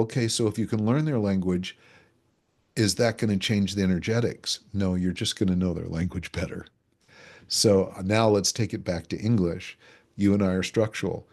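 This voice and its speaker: A man's voice: low voice, a little mellow, husky. A man speaking as an expert guest in an interview, explaining ideas through everyday examples and acting out the voices he quotes. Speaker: relationship energetics expert guest. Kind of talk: explanatory conversational interview talk.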